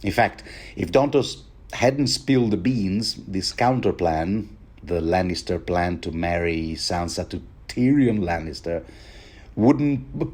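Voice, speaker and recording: A man's voice: sits low, a little mellow. A man giving a rambling, wry commentary on a book chapter, often stammering and restarting his sentences. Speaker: podcast host.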